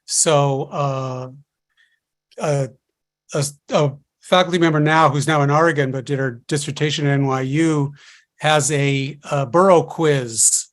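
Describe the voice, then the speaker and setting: A man speaking as a linguist guest on a webinar panel, explaining in a hesitant, halting way over a video call. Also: a little high, steady tone.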